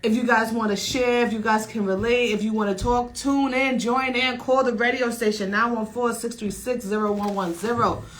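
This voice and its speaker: Loud lively radio host woman. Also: fairly high pitch, moderate pace, hardly any pauses, poor audio. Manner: loud, lively, slangy hype talk. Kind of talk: casual radio chat.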